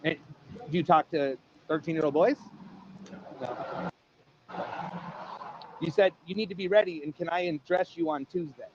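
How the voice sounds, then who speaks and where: A man's voice: a little high, normal speed, long pauses. A man bluntly interrogating someone in a recorded video clip. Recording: muffled video clip with faint noise.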